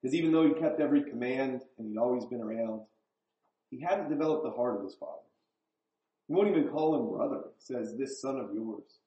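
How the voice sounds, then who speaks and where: In an echoey church, a pastor with a medium-pitched, dark-toned voice preaches fairly quickly with lively intonation, chatting with the congregation and posing questions. The recording sounds muffled.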